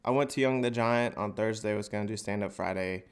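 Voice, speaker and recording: A man's voice: on the low side, a little fast, clear, resonant tone. A man with a stuffy, nasal cold hosting a podcast and doing a crude, sarcastic stand-up bit from an echoey open office. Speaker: podcast host and stand-up comic.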